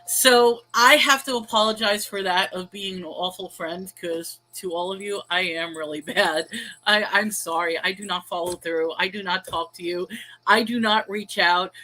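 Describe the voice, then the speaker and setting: A woman's voice: on the low side, fairly even intonation, measured pace, sharp tone, rough recording. A middle-aged woman hosting a casual livestream, rambling and self-deprecating, reading viewer chat aloud and laughing often between thoughts. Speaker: livestream host and small online seller. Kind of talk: casual confessional livestream rant.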